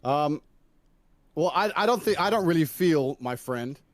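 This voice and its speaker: A man in an online debate, speaking in a measured, firm, lecturing way about respect and manners. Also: a little high, animated. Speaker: debate guest in a played clip. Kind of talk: online debate over a call.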